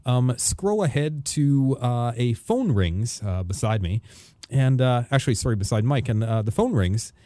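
A man's voice: mid-range voice, expressive, normal speed, mellow, no echo, clean studio sound. A man co-hosting a podcast, telling an exasperated story and acting out the people in it. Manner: exasperated, acts out people in his stories. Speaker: podcast co-host. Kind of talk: animated storytelling rant.

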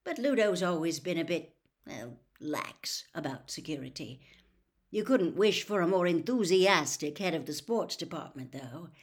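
A woman voicing a cheerful, nervous middle-aged wizard father who fusses and speaks brightly. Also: fairly low pitch, lively intonation, normal speed, close to an everyday voice. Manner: bright, flustered, fussing.

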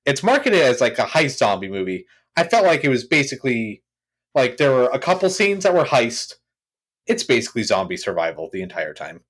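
A man's voice: medium pitch, brisk, husky. A man co-hosting a podcast, chatting casually about a film and acting out its scenes with lots of "like" fillers. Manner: animated, acts out scenes, many "like" fillers. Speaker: podcast co-host. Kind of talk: casual film review chat.

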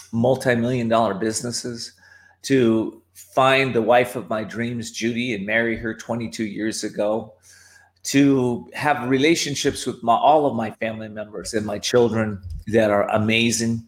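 Male guest, mid-pitched, reflective storyteller who pauses and restarts. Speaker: podcast guest. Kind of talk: personal storytelling.

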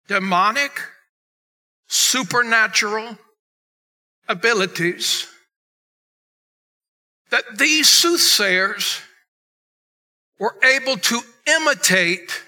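A pastor delivers an emphatic sermon, his voice very high and strikingly bright. He swings between loud bursts and quiet, low passages.

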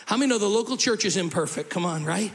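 A male pastor preaching a sermon in an animated way, with humorous asides and acted-out quotes. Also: high-pitched, fast talker, breathy edge.

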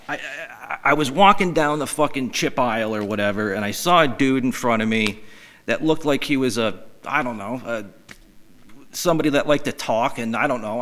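A man's voice: mid-range voice, fairly bright tone. A man hosting a podcast, telling rambling, profane and self-mocking stories in a casual way. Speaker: podcast host. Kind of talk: casual storytelling.

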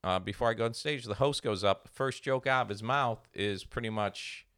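A clear, resonant male voice, low-ish and slightly bright, at a moderate pace. He's a comedian co-hosting a podcast, in his forties, swearing and venting with exasperation as he tells a story and voices its characters.

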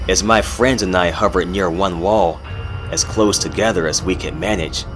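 A man narrating a horror story in a measured, dramatic storytelling style, over background music. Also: low voice. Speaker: narrator and host. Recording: music playing underneath.

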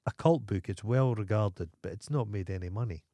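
A man's voice: fairly low pitch, fairly quick, dark tone, no echo, clean studio sound. A Scottish man co-hosting a podcast in casual chat, ranting emphatically and swearing freely. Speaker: podcast co-host.

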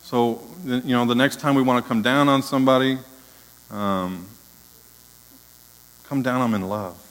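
Male interim pastor, earnest heartfelt sermon delivery, mid pitch, long hall reverb. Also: steady tone, moderate pace, smooth.

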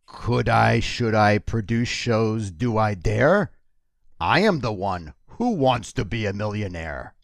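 A man putting on a monster voice to recite a comic ode slowly. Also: lowish voice, expressive, vocal fry, no room sound, studio quality, exaggerated voice. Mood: grandiose. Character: Cookie Monster-style gravelly puppet monster reciting an ode.

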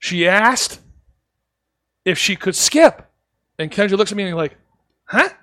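A man's voice: high-pitched, measured pace, no echo, clean studio sound. A man who owns a cigar shop, telling stories in a casual podcast chat and acting out the lines he quotes. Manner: animated storyteller, acts out quotes.

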